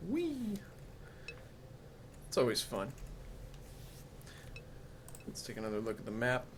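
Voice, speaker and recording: A man talking through a retro game as he plays, in a loose and casual way. He makes wry, self-deprecating asides and keeps a relaxed, chatty tone. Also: fairly low pitch, normal speed, a little hiss or hum. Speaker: let's play host. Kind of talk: casual gameplay commentary.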